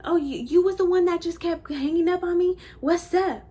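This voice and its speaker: A woman imitating a young female customer who is yelling and picking a fight. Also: extremely high pitch, moderate pace, voice pushed up. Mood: aggressive. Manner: yelling, confrontational.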